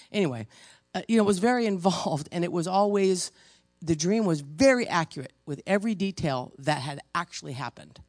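Woman preacher, sermon, gravelly voice, emotional, halting delivery, dry close sound. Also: deep voice, no echo. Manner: emotional, halting, pausing with stressed words.

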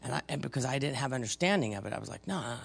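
A man in his fifties or older preaching a sermon conversationally, reading scripture aloud with dramatic swings between loud and soft. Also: medium pitch, lively intonation, very fast, gravelly, husky. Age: 50s or older.

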